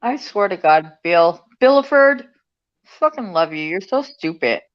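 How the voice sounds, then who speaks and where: A woman's voice: fairly low pitch, animated, unhurried. A woman chatting casually and teasing her friend, laughing often. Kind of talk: casual chat. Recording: dull lo-fi stream audio.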